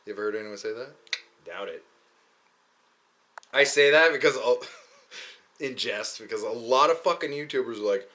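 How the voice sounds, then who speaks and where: A man's voice: mid-range voice, moderate pace, pauses often, pushed and bright. A young man talking in a rambling, profane, joking way, often slipping into mocking quoted voices. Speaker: podcast host. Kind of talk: casual rambling monologue.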